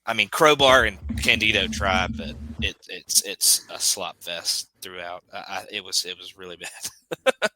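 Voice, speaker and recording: A man co-hosting a podcast, giving blunt opinions in a halting casual chat full of restarts. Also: deep voice, bright, forceful tone, rough recording. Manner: hesitant, repeats words, blunt verdicts. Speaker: podcast co-host.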